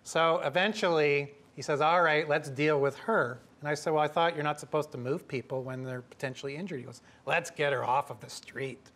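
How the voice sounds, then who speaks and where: A middle-aged man with a somewhat high voice tells an animated story to a room of listeners. He switches into different voices for the people he quotes, keeping a quick, lively pace. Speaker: professor telling a story at a talk.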